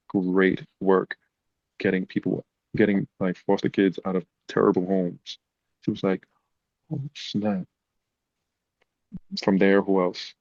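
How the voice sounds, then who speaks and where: A deep-voiced man appears as a podcast guest, telling personal stories in a casual, emotional, animated way. The recording is dry and lo-fi.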